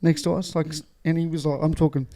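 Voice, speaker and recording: A man co-hosting a relaxed podcast, his voice a little higher than most men's and soft, warm in tone. He laughs a lot and tells his stories as banter, swearing freely and acting out what people said. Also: fast. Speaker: podcast co-host. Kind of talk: casual chat.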